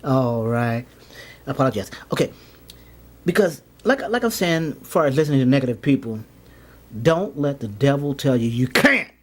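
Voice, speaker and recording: Rambling, preachy man with a lively pitch. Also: moderate pace. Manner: rambling, repetitive, emphatic. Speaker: card trick performer and vlogger. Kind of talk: preachy motivational monologue.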